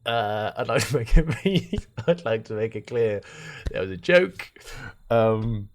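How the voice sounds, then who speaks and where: A young man chatting on a live stream, joking and laughing a lot while reading out chat and headlines. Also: slow. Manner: joking, animated, laughs often and swings in pitch.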